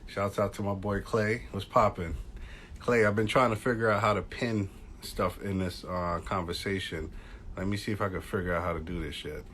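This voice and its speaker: A man's voice: sits low, slight background noise. Slangy man hosting a live stream. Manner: slangy, shouting out viewers as they join. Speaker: podcast host. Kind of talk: casual livestream chat. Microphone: phone live stream.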